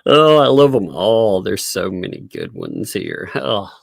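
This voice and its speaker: Male livestream host, gravelly and husky, dry close mic, laughs a lot and rambles. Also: lowish voice, a little slow, no echo. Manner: laughing often, excitable, rambling. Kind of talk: casual livestream chat.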